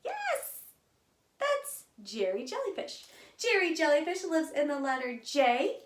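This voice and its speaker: A woman's voice: high voice, very animated, takes it slowly. Sing-song woman teaching phonics, roomy. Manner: sing-song and encouraging, modeling letter sounds. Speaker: early literacy teacher. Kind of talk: children's phonics lesson.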